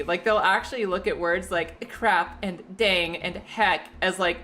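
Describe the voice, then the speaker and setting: A young woman streaming from her living room, chatting casually and animatedly, often laughing and jumping into high excited squeals, her voice slightly echoey. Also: a little slow, hardly any pauses, faint music behind. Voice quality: a little echoey today. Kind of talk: casual chat. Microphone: streaming setup.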